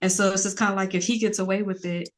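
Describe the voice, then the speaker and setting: A woman's voice: medium pitch, level tone, fast. A woman, a podcast guest talking earnestly in a rambling casual way, with many fillers.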